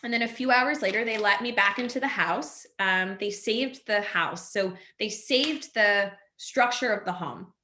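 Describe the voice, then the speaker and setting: A woman in her thirties recounts her story on a video call, with lots of "like" and "next thing you know." Her voice is bright and forceful. The room around her sounds echoey. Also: medium pitch, measured pace, hardly any pauses, slight background noise. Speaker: house fire survivor, webinar guest. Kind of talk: personal storytelling on a webinar.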